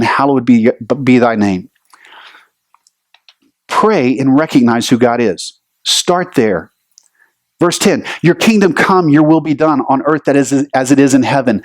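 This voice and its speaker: Male pastor, slightly high voice, dry close sound, conversational sermon delivery. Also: a little mellow, no room sound. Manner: conversational preaching with asides. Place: church sanctuary.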